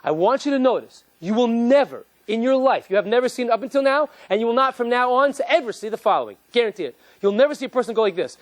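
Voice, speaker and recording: A man, a rabbi, giving an animated, joking lecture and quizzing his live audience. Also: extremely high pitch, quick pace, few pauses, no echo.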